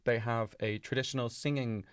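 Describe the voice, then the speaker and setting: A man chats casually on a podcast and rambles through a story. He often lets his voice sink low and soft. His voice sits at a middling pitch in a dry, close recording. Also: fairly even intonation, brisk, clear, resonant tone, dry recording. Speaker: podcast co-host. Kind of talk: casual chat.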